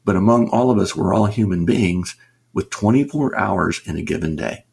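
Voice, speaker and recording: A man's voice: sits low, normal speed, gravelly, darkish tone, husky. A middle-aged man speaking earnestly as a guest in a conversational interview, stressing his points and asking rhetorical questions. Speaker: business author and consultant, guest.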